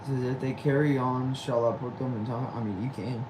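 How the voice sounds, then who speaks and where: A man's voice: medium pitch, steady tone, brisk, background noise. A young man from Texas, hosting a casual livestream and answering viewer comments aloud. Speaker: livestream host.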